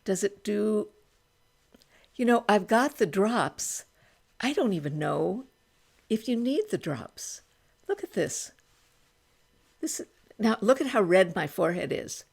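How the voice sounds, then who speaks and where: An older woman in her eighties with a gravelly, creaky edge to her voice talks through a makeup try-on. She chats casually and thinks aloud, often starting a sentence over as she works. She is recording in a small room at home. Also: mid-range voice, big pitch swings, takes it slowly, pauses often, a little mellow. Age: 80s. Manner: chatty, thinks aloud, many restarts while applying makeup. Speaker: beauty vlogger.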